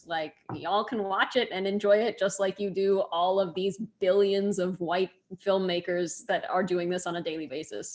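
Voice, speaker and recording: A woman on a video call film panel, casual, upbeat and a little playful. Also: medium pitch. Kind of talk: panel answer.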